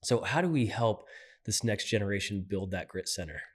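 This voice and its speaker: A man's voice: lowish voice, animated, brisk, slightly rough. A man hosting an interview, asking long rambling questions full of fillers and restarts. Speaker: podcast host. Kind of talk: interview conversation.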